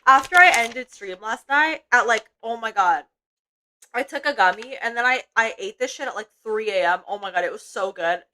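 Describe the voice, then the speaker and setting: A woman's voice: on the high side, moderate pace, bright, forceful tone, slight background noise, poor audio. A young woman streaming, chatting casually while eating, rambling and swearing freely with lots of fillers. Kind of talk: casual livestream chat. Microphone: desk mic while eating.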